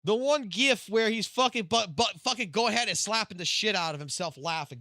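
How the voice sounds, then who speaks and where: A man's voice: high voice, lively intonation, fairly quick, pushed and bright, no echo, clean studio sound. A man live-streaming, ranting casually with heavy swearing and rambling restarts. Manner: profane, rambling, restarts sentences. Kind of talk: casual late-night stream rant.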